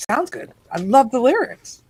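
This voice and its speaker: A woman's voice: sits high, sing-song, normal speed, darkish tone, rough recording. Chatty woman hosting a video call. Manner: chatty, laughs easily. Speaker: livestream host. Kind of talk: casual chat on a group video call.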